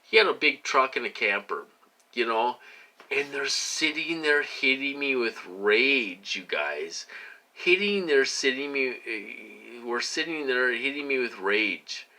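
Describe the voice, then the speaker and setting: A man at a middle pitch, speaking straight to his viewers in a loose, rambling monologue. His voice has a bright, forceful edge. He circles back and repeats himself, leaning on steady fillers. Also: takes it slowly. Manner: loose, repetitive, heavy with fillers. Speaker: vlogger.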